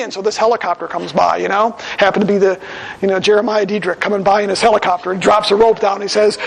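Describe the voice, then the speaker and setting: Male pastor, sermon, conversational storytelling, high-pitched, long church reverb. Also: little pitch movement, quick pace, creaky. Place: church sanctuary.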